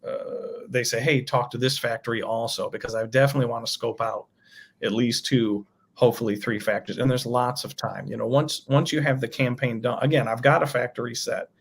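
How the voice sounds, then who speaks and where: Gravelly husky man, chatty guest. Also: medium pitch, steady tone, fairly quick. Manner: enthusiastic, rambling explanations. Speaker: toy designer guest. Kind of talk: casual podcast chat.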